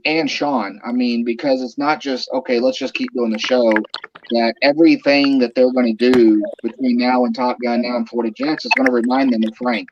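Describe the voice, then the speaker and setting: A man telling a funny story in casual conversation, animated and laughing, his voice climbing high when excited. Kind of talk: casual storytelling on a group video call. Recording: dull lo-fi sound with clear background noise.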